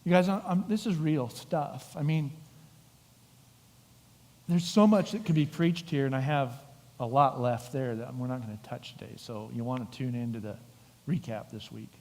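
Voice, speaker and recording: A man's voice: medium pitch, normal speed, gravelly. A middle-aged man preaching a sermon as pastor, telling the story vividly and acting out voices. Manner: animated storytelling with acted-out voices. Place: church sanctuary. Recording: long hall reverb.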